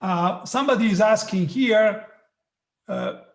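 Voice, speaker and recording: A man giving a physics lecture online, halting, with many restarts and frequent "okay"s. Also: sits high, echoey room. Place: hot room.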